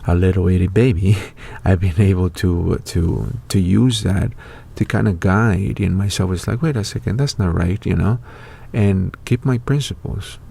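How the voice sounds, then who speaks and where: Man, low voice, dark mellow tone, rambling host monologue, lots of fillers. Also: fairly even intonation, a little slow, creaky, few pauses, breathy edge. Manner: rambling, with many fillers and restarts. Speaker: online show host. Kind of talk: casual spoken monologue.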